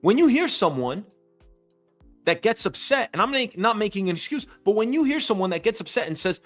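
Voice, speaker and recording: A man's voice: sits high, very animated, brisk, a bit bright, soft background music. A man hosting his own show from home, delivering an angry, profane, emphatic rant. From New York City. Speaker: host. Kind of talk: ranting commentary.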